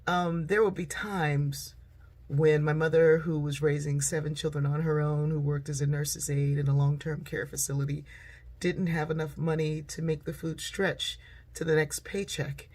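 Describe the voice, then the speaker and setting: A woman's voice: sits low, level tone, normal speed, darkish tone. A middle-aged woman telling humorous family stories in a personal storytelling monologue. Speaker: speaker and author.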